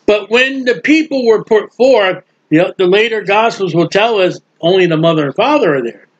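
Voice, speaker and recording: High pitched guy preaching a bible study, super animated, muffled recording. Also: normal speed. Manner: animated, acts out bystanders' mocking voices. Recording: dull lo-fi recording.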